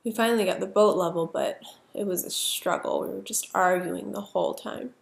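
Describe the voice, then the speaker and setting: Mother telling a personal story, gravelly. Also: on the low side. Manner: halting, reflective storytelling with many restarts. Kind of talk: personal narrative. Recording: echoey room with faint ambient noise.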